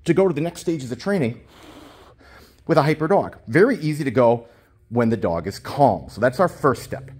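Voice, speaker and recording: A man's voice: normal speed, husky. A man explaining dog training in a casual lesson, talking into a camera he holds himself. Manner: switches between calm explanation and high-pitched baby talk praising the dog. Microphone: handheld camera.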